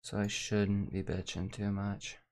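Male streamer, easygoing, talks slowly to chat while working, casual cursing. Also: fairly low pitch, little pitch movement, darkish tone. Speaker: VTuber streamer.

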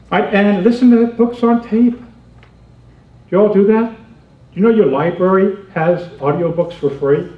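A man giving a humorous seminar talk, animated and chatty, laughing often and acting out little scenes. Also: sits high. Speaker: comedy seminar speaker. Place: seminar room. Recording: roomy, muffled, distant hall recording.

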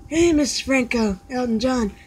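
A woman's voice: a little high, animated, moderate pace, a little mellow, a little hiss or hum, low-quality recording. A woman giving playful, jokey commentary while playing a cooking game. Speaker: gamer. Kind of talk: casual let's play commentary.

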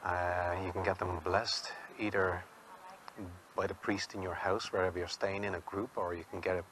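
A man's voice: sits low, flat delivery, moderate pace, background noise. An Irish man vlogging in a rambling, chatty way and laughing often as he talks to viewers. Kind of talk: casual walking vlog.

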